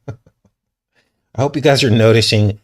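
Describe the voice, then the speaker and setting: A man's voice: mid-range voice, very slow, noisy background. A man hosting a news commentary vlog, reading articles aloud and breaking in with suspicious, skeptical remarks. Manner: suspicious, conspiratorial tone. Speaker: channel host.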